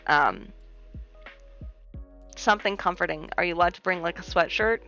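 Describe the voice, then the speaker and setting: A woman's voice: fairly low pitch, normal speed, pushed and bright. A young woman hosting a livestream, chatting casually and reassuringly with viewers, with lots of fillers. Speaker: livestream host. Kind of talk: casual chat reading viewer comments. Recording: muffled lo-fi stream audio with faint music. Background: faint background music.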